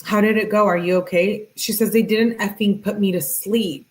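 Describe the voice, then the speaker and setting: A woman hosting a true-crime channel, reading text messages aloud in a plain voice and breaking in with quick, skeptical asides. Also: medium pitch, fairly even intonation, poor audio.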